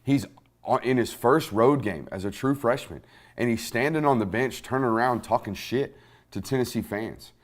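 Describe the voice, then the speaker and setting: A man hosting a sports podcast, telling stories in an animated, profane, casual way. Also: medium pitch, normal speed.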